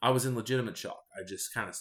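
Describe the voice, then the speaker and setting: A man in his thirties, a podcast host, telling candid stories in a casual, rambling, deadpan way. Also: mid-range voice, very fast. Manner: candid, rambling, deadpan about odd customers. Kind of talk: casual storytelling monologue.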